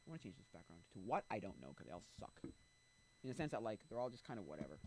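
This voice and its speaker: A man chats on a casual livestream from his home setup, rambling through restarts and asides. He is blunt and loose with his words. His pitch swings lively up and down as he talks. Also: very fast, a little hiss or hum, rough recording. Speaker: streamer.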